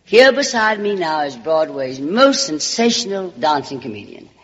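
A woman's voice: sits low, very animated, moderate pace, fairly bright tone. A woman with a Southern US accent hosting a radio variety show, delivering a comic monologue in a theatrical drawl, calling everyone darling. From Alabama, US South. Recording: muffled old radio broadcast with hall reverb and faint hiss.

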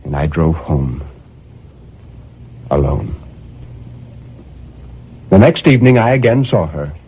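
A man narrating a dark first-person story in a brooding, intense, measured way. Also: a bass voice, sing-song, a little hiss or hum. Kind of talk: dramatic story reading. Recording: tinny phone-like audio.

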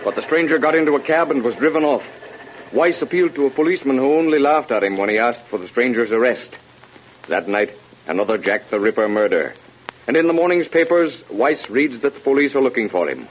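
A man narrating a vintage radio drama in a measured, ominous storytelling manner. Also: medium pitch, lively intonation, a little hiss or hum. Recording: lo-fi old radio broadcast.

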